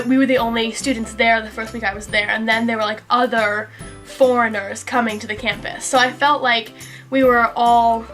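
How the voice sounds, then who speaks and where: Bright-voiced young American woman. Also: fairly high pitch. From United States. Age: young adult. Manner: easygoing, laughs often, rambling with fillers. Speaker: university student. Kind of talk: casual chat.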